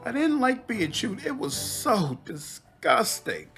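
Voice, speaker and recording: A man's voice: high voice, big pitch swings, takes it slowly, fairly bright tone, soft background music, pitched above the performer's own voice, heavily acted. A man voicing a vain female swamp demon queen who is petulant, whiny and awkwardly flirtatious.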